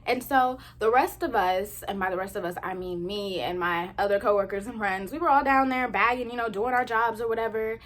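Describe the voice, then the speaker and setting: A young woman in her twenties telling casual storytime anecdotes to her viewers, chatty and animated. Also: mid-range voice, fairly quick, hardly any pauses. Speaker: vlogger.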